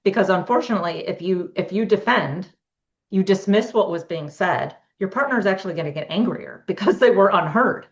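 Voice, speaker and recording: A woman's voice: mid-range voice, brisk, dull audio. A middle-aged woman, a couples therapist, giving advice in a podcast interview and acting out sample dialogues. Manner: explains with acted example dialogues.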